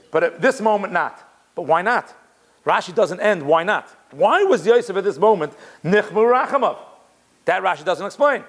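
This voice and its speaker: A man teaching a Torah class in a lively, conversational way, weaving Hebrew quotations into plain talk. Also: sits high. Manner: animated, conversational, mixes Hebrew quotes in.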